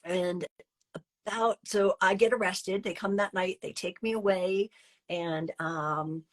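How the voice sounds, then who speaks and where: A woman guest telling a personal story in an interview, chatty and animated, with fillers and restarts. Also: medium pitch, slow pace. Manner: chatty and animated, many fillers and restarts, acting out her own past lines.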